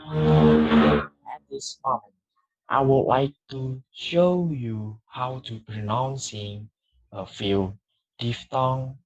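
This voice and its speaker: A young man, a student, leading a pronunciation drill with slow, deliberate repeat-after-me delivery. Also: fairly low pitch, lo-fi sound. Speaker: student giving a pronunciation lesson.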